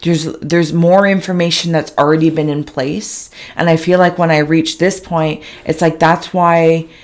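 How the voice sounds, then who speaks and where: A woman giving a slow, halting spiritual reading, describing visions in a soft, emotional, dreamy way. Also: low-pitched, fairly even intonation. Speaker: intuitive reader.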